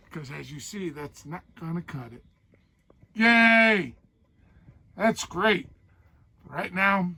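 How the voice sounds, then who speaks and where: A man's voice: fairly high pitch, creaky. A man filming his own home building project, talking casually, frustrated, swearing and mocking his own work. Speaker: DIY vlogger.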